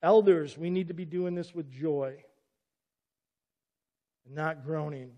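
Earnest pastor preaching in a reverberant church. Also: male voice, on the high side, steady tone, slow, lo-fi sound. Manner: earnest, emphatic, often breaks in with "listen". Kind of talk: sermon. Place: church sanctuary.

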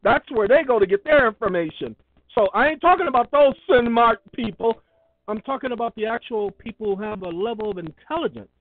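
A man's voice: extremely high pitch, lively intonation, fairly quick. A man hosting his own video, talking casually and emphatically as he reads out parts of a court ruling. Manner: emphatic, repetitive, preachy. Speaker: online video host. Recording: tinny phone-like sound.

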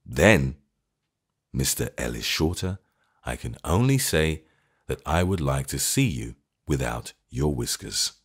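A man voicing an eccentric gentleman who speaks slowly, sternly and with great deliberation. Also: very animated, slightly rough, full character voice. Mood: stern, cool. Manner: low, slow, deliberate.

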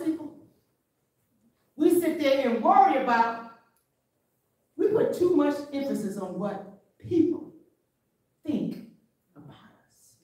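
Animated woman preaching in an echoey hall. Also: sits high, far from the mic. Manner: conversational preaching with rhetorical questions. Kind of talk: sermon. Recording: very echoey room, voice from afar.

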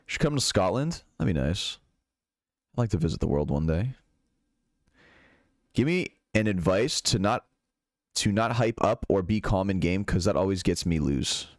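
A young male streamer with a low voice that swings widely and lively as he talks. He chats loosely with his viewers, swears without a second thought and answers their questions. The sound is close and dry, with no room around it. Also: measured pace, pauses often, dry recording. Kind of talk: casual chat reading out live chat.

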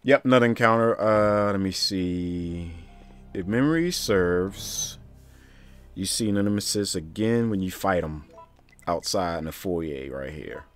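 A man's voice: sits low, lively intonation, unhurried, faint music behind. A man giving casual, profane commentary while playing a video game, grumbling and talking back to the game itself. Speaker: streamer.

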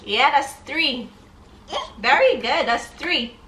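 A woman's voice: sits high, animated, slow pace, bright, forceful tone, husky, poor audio. A woman and mother talking casually in a vlog, chatty and loose with fillers. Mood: playful. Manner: playful sing-song when counting with her baby. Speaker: mother and vlogger.

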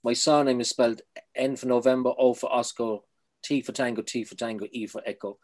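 A man from Ireland, a poet, chatting in an interview, quick and self-deprecating, trailing off softly. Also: mid-range voice, fairly even intonation. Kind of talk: casual interview chat.

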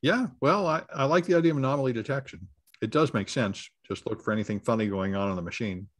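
Husky man hosting a panel. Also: mid-range voice, quick pace. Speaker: host. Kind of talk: casual panel discussion.

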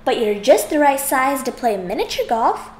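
A woman's voice: sits high, big pitch swings, moderate pace, a little mellow, echoey room. A woman voicing a patient, good-humored father frog in a children's storybook. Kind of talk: storybook character voice.

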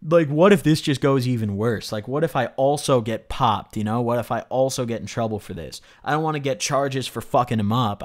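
A man telling a story from his own life in a casual monologue, rambling with constant "like", "you know" and "right?", and swearing freely for emphasis. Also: medium pitch. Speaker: storyteller vlogger.

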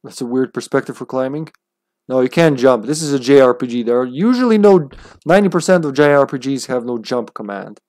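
A man's voice: mid-range voice, animated, a little fast, a little mellow, no echo, studio quality. A man chatting playfully and laughing as he plays a game on a live stream.

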